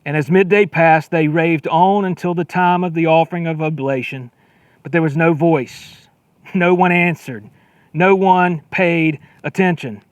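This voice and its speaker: A man preaching a sermon as pastor, reading scripture aloud and retelling it in a conversational way, repeating words as he gets excited and acting out quoted lines. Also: on the high side, no room sound. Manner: acts out quoted lines with a raised voice.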